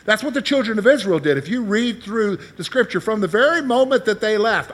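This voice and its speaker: High-voiced male preacher teaching. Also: lively intonation, moderate pace, hardly any pauses, a bit bright. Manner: teaching, asks the listeners questions. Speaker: pastor. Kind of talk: sermon.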